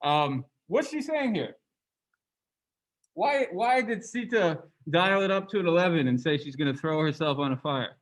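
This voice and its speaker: A man's voice: fairly high pitch, expressive, moderate pace, rough recording. A man giving a casual, conversational classroom lecture, asking his students questions as he goes. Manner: reads passages aloud from the book. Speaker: religious studies lecturer.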